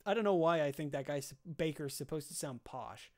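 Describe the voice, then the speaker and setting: A man's voice: on the high side, expressive, fairly quick, few pauses. A man streaming a video game, making casual, joking and self-mocking remarks as he plays.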